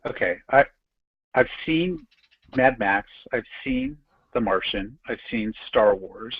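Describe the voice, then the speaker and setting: A man co-hosting a casual podcast, calmly explaining his picks and steering the order. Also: fairly low pitch, slightly rough, no room sound, muffled recording. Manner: deliberate, explains his reasons slowly. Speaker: podcast co-host. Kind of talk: casual chat.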